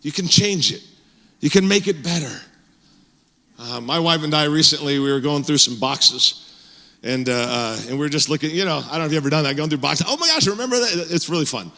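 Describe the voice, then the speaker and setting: Middle-aged male pastor, lively conversational sermon, slightly high, ringing church hall. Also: a little fast, creaky. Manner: animated, conversational, frequent fillers and restarts. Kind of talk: sermon with personal storytelling. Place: church sanctuary.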